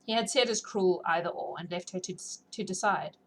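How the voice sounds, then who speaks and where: A woman reading a classic novel aloud, then slipping into relaxed, chatty talk with her listeners. Her voice sounds sore and slightly scratchy from a long read, with faint noise in the background. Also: fairly low pitch, brisk. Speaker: audiobook reader and streamer.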